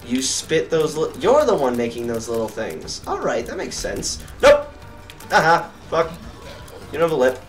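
A young man giving let's play commentary, cursing at enemies and getting excitable. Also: mid-range voice, moderate pace. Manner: profane, excitable, yells at enemies. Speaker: gamer. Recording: distant mic with game music behind.

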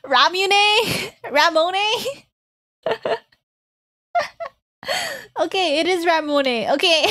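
A woman's voice: very high-pitched, animated, drawn-out words, long pauses, a bit bright, voice pushed up, full character voice. A woman streamer putting on a cutesy uwu baby-talk voice, giggling and stumbling over words as she reads to chat. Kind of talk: live stream chat in a put-on voice.

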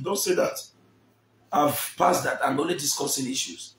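A man's voice: on the high side, expressive, moderate pace, roomy sound, slight background noise. A man with a Nigerian accent telling a personal story in a dramatic way, acting out the people he quotes.

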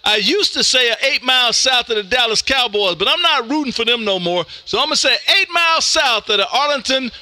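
A man from Texas with a Texan accent, working ham radio contacts on a live stream in a loud, folksy way, tossing "man" into most lines. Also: very high-pitched, expressive, a little fast, few pauses, dry recording.

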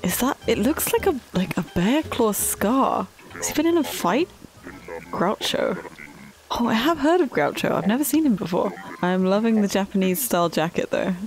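A woman's voice: mid-range voice, normal speed. Bubbly, giggly woman gaming vlogger. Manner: excitable, giggly, chatty. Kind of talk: casual gameplay commentary. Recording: soft background music.

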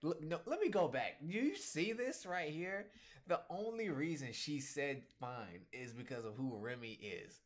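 A man giving casual reaction commentary on a webcomic chapter, talking in an animated, slangy way and laughing often. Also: a little high, measured pace.

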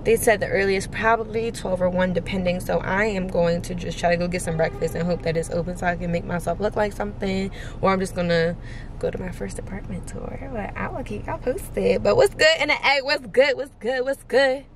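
A woman's voice: lowish voice, fairly even intonation, fairly quick, noisy background. A young woman from Pennsylvania chatting playfully to her viewers in a casual vlog. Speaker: vlogger. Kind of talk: casual vlog chat to camera.

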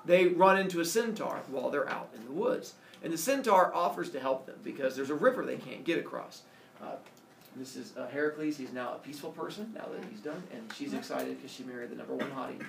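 Man, teacher, storytelling to class, gravelly voice, echoey room, distant mic. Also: mid-range voice, a little fast, background noise. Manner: animated, playful, asks the class questions.

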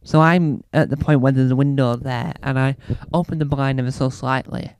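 A British man doing stand-up, telling a rambling story and acting out scenes with sudden loud, high squeals. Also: fairly even intonation, moderate pace, clear, resonant tone, no echo. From Britain. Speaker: stand-up comedian.

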